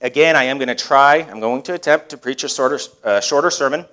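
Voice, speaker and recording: A pastor preaching a sermon in a conversational way, often putting rhetorical questions to the congregation. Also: male voice, mid-range voice, fast, a bit bright.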